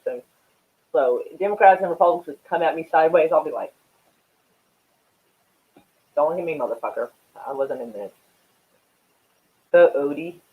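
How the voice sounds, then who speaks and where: A woman from Oklahoma hosting a casual livestream, chatting with viewers in a profane, rambling way and often laughing at herself. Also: deep voice. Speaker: livestream host. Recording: tinny phone-like audio.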